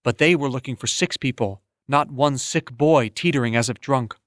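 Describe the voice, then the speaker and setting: A man narrating an audiobook in a steady, measured storytelling manner on a close studio mic. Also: medium pitch, no echo. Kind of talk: scripted narration.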